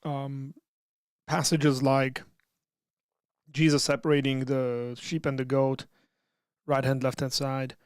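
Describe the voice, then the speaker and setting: A man's voice: mid-range voice, level tone, slow, pauses often, smooth, dry recording, studio quality. A man hosting a casual livestream, reading out chat questions and answering them in a loose, conversational way with frequent restarts.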